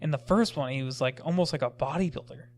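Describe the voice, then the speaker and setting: A man co-hosting a casual movie review chat, chiming in with quick agreement and opinions. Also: fairly high pitch, darkish tone. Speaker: podcast co-host.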